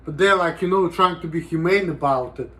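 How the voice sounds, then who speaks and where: High-voiced man rambling in a vlog. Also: fairly quick, a bit bright. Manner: rambling, profane, heavy use of "you know". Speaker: vlogger. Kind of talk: casual vlog monologue.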